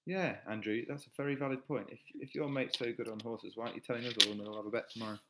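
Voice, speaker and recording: A man's voice: mid-range voice, steady tone, rapid-fire, very noisy. A man chatting casually on a live stream, reading viewer comments aloud and joking back. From England.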